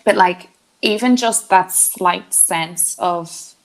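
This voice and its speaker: A woman's voice: fairly low pitch, slow pace. A woman, co-hosting a podcast and telling a story in casual chat, acting out the lines of the people in it. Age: 20s. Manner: storytelling, acting out quotes, laughing often. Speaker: podcast co-host.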